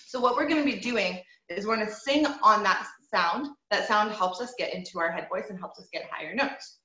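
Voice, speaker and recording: Her voice is mid-range, brisk and sharp-toned as she runs an online group voice lesson. She encourages the students and explains while demonstrating, imitating owl hoots and bird sounds. The recording has the echoey, dull quality of lo-fi call audio.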